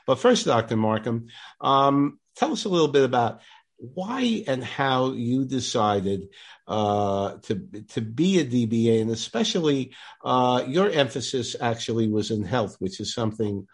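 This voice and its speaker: A man's voice: medium pitch, very animated, measured pace, breathy edge. A man hosting a podcast interview in a casual, hesitant way with many fillers. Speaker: podcast host.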